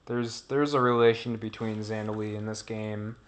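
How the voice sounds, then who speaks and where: A man's voice: on the low side, steady tone, moderate pace. A man giving casual, rambling commentary over his own gameplay, drifting off topic and trailing off mid-thought.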